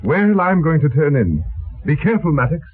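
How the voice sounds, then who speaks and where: A curious, jokey army officer speaks in a husky, raspy voice with lively pitch. It is 1930s radio drama through a tinny old broadcast. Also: male voice, moderate pace, soft background music.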